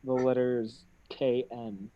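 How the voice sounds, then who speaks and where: A man's voice: mid-range voice, flat delivery, takes it slowly, highs cut off. A man playing a tabletop game, bantering playfully and egging on the other players.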